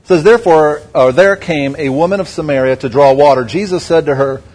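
A man's voice: on the high side, brisk, a little mellow. A man preaching to a congregation, asking them questions in a conversational way. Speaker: pastor. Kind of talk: sermon. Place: church before a congregation.

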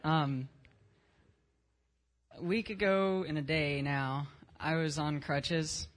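At a church service, a teenage boy with a high, steady, fairly bright voice speaks slowly as he gives a casual testimony. He tells his story in plain, unpolished words, dropping in some slang.

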